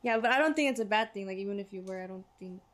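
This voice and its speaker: A woman's voice: mid-range voice, racing. Curious young woman hosting a chat. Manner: curious, teasing, hesitant with fillers. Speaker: podcast host. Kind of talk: casual interview.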